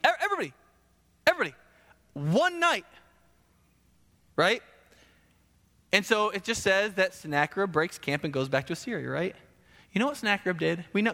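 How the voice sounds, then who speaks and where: A man preaches in a casual, conversational way, acting out the people he quotes. His voice is on the higher side, with a bright edge. It rings out in a large hall with a long reverb tail. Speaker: pastor. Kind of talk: sermon.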